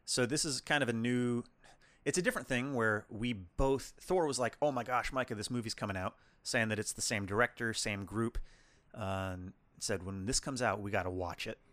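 Male co-host, mid-pitched, rambling casual film review, dry close sound. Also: normal speed, fairly bright tone, dry recording. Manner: rambling, restarts sentences. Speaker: podcast co-host.

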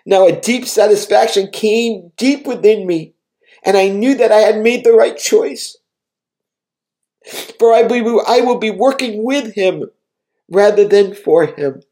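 A man's voice: sits high, a little slow, mellow. A man preaching, recounting a vision and exhorting his listeners in an earnest, emotional way. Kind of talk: devotional vision account and exhortation.

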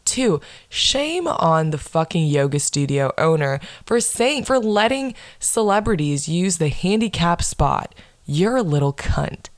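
A woman's voice: on the low side, sing-song, measured pace, dry recording. A young woman in her twenties hosting a casual solo podcast, ranting bluntly with plenty of swearing and sarcasm. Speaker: podcast host.

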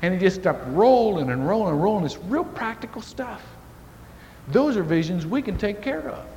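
A man preaching a sermon as pastor, telling a folksy story to make his point. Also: moderate pace. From Indiana. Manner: folksy storytelling with lively shifts in pitch. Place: church sanctuary. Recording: church hall reverb, faint hiss.

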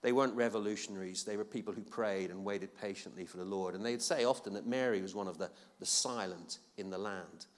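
A man's voice: on the low side, brisk, hardly any pauses. A man preaching a sermon in a casual, conversational way with playful asides. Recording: long reverb of a hall.

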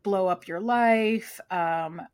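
A woman's voice: mid-range voice, takes it slowly, smooth. A woman co-hosting a podcast, talking casually with many fillers and "like"s. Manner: chatty, lots of fillers and "like". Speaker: podcast co-host. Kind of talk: casual chat.

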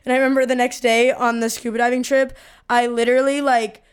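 A woman in her twenties co-hosting a podcast and telling a story in a casual, animated way, swearing freely and acting out quotes. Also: a little high, quick pace, clear, resonant tone. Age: 20s. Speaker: podcast co-host.

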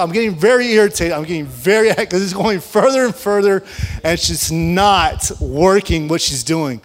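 A man preaching, an animated storyteller who laughs often and acts out the dialogue of his story. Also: sits high, normal speed. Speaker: pastor. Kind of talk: storytelling sermon.

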